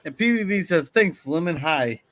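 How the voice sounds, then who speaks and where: A man's voice: a little high, animated, moderate pace, a bit bright. A man co-hosting a casual livestream, reading viewer comments aloud and greeting the chat.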